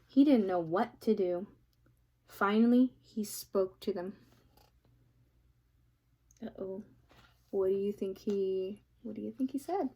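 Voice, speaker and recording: A woman reading a picture book aloud, pausing to ask the listener questions. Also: mid-range voice, dark tone, husky. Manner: asks the listener questions, playful. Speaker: reader.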